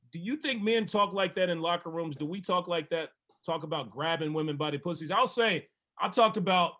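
Laughing Los Angeles radio host. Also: male voice, a little high, fairly bright tone. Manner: loose, laughing, asks the panel questions. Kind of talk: casual podcast chat. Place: radio studio.

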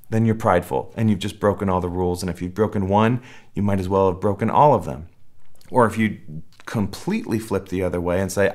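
A man's voice: on the low side, brisk. A man preaching a sermon in a conversational way, often restarting phrases and acting out little quotes. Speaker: pastor.

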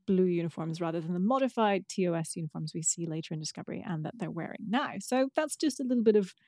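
A woman co-hosting a podcast, chatting casually with fillers and quick asides. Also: on the low side, animated, mellow, dry recording, clean studio sound. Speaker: podcast co-host. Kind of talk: casual chat about a TV episode.

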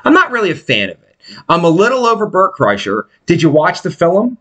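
Man, somewhat higher voice; crude, jokey podcast host prone to impressions. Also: huge pitch swings, fairly quick, pushed and bright. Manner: jokey, mimics others in high voices. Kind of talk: crude casual banter.

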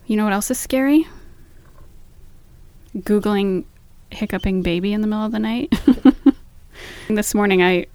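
A pregnant woman in her third trimester, co-hosting a podcast and chatting candidly, telling lively stories with some swearing. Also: medium pitch, normal speed, long pauses, no echo. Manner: candid, animated storytelling with swearing. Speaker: podcast co-host. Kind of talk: casual chat.

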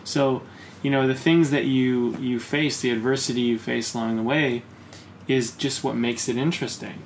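A man co-hosting a podcast, ranting in casual chat, swearing often and rising into loud bursts. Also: medium pitch, fairly even intonation, moderate pace, slight background noise. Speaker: podcast co-host.

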